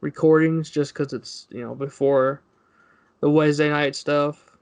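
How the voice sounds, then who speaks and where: A man's voice: a little high, flat delivery, measured pace. A man co-hosting a casual wrestling podcast, rambling and recounting what others said. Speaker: podcast co-host.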